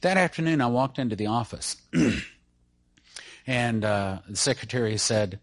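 A man's voice: medium pitch, lively intonation, unhurried, pauses often, no echo. A middle-aged man speaking to a church audience, introducing a guest through an earnest personal story. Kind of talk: testimony-style talk to an audience.

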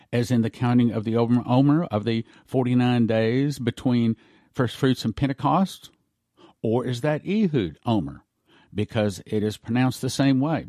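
A man's voice: medium pitch, dark tone, no room sound, clean studio sound. A man who hosts a prophecy talk show, earnestly explaining current news, reading articles aloud and spelling out names. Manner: earnest, lays out points slowly and spells words out.

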